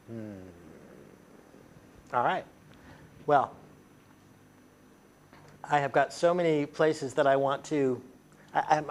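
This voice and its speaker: A man's voice: medium pitch, slight background noise. A man teaching a workshop to a group in a training room, conversational and chatty with many fillers. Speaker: NLP trainer.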